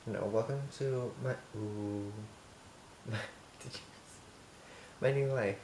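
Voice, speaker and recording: A man's voice: fairly low pitch, steady tone, takes it slowly, darkish tone. A teenage guy from Montana chatting through a casual home baking vlog, sassy, campy and full of swearing. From Montana, USA. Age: teens. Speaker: vlogger. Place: home kitchen. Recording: echoey room with background noise.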